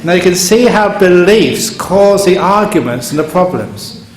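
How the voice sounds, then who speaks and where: A man's voice: sits high, animated, a little slow. A man, a monk, giving a sermon in a chuckling, digressive storytelling manner, recorded in a meditation hall. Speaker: monk giving a Dharma talk. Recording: roomy hall with faint hum.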